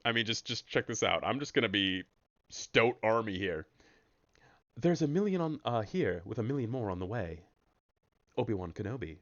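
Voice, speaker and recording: A man giving casual, jokey commentary while streaming a card game, breaking into sudden high excited yelps. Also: normal speed, highs cut off.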